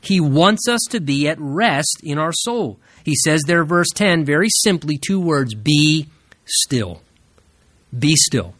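A man preaching a sermon in an earnest way, who slows down and drops his voice low to stress key phrases. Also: a bit bright, no echo, clean studio sound. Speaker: pastor.

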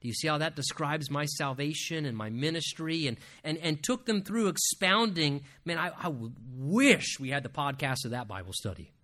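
A man's voice: a little high, animated, normal speed, few pauses, bright, forceful tone. A middle-aged man, a pastor, preaching a sermon and reading scripture aloud with earnest emphasis.

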